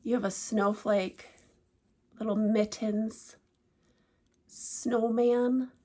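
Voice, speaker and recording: A woman's voice: a little high, fairly even intonation, drawn-out words. Gushing woman showing off stitching gifts. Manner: gushing, emotional, often hushed and breathy with delight. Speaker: cross-stitch vlogger. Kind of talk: casual show-and-tell vlog.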